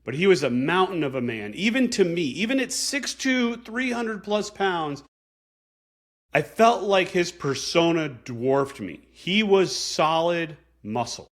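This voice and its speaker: A man's voice: a little high, animated, unhurried. A man hosting a podcast, telling a personal story in an earnest, reflective way. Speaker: podcast host.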